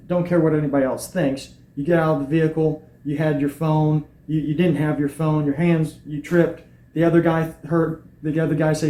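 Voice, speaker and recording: A man's voice: fairly high pitch, warm tone. A man recounting his arrest plainly and acting out the lines he quotes. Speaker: arrestee telling his story. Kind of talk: personal account. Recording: echoey room with faint noise.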